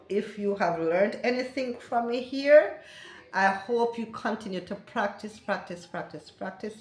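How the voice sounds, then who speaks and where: An older Jamaican woman teaching phrases in a casual vlog, animated and laughing, bursting into loud exclamations. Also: medium pitch. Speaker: language teacher vlogger. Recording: echoey room.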